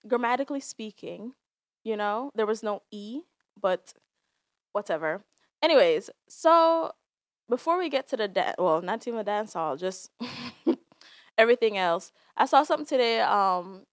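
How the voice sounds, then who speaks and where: A woman's voice: mid-range voice, clean tone, no echo, clean studio sound. A woman hosting a podcast, chatting casually about celebrity gossip with frequent laughs and fillers. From Jamaica. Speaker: podcast host.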